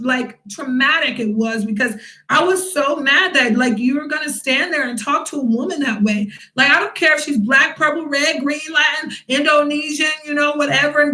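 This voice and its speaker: A young woman vlogging, telling a story casually with lively, animated quoting and frequent laughs. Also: sits high. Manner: animated, acts out quotes loudly with laughs. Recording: echoey room.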